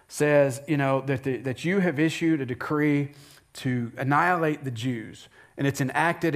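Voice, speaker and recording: A pastor giving a sermon, retelling a story in an animated, conversational way with asides to the congregation. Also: male voice, on the high side.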